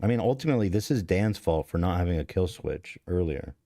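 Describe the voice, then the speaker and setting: Low-voiced man rambling on a podcast. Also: animated, a little fast, mellow, no room sound, studio quality. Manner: rambling, profane, self-deprecating, many restarts. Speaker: podcast host. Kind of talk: casual confessional podcast talk. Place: podcast studio.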